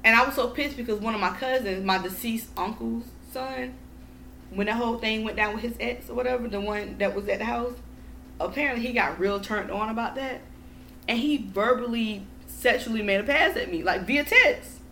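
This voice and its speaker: A woman's voice: a little high, normal speed, creaky, a bit bright, a little hiss or hum. A woman guest on a podcast in casual chat, telling a story in a heated, profane way.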